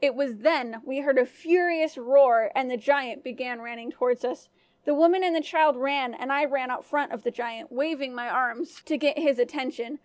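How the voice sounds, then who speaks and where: A woman storyteller giving scripted first-person narration of a folk tale in an even, clear manner. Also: high-pitched, moderate pace, no echo.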